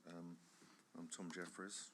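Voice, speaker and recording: Slow, deep-voiced man with a bright tone. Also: little pitch movement, noisy background. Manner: slow, halting. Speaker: architect. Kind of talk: conference presentation.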